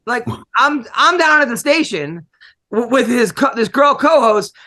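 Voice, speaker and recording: A middle-aged male comedian hosting a podcast, telling rambling, animated stories and laughing often. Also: very high voice, unhurried. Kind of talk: casual podcast chat, storytelling.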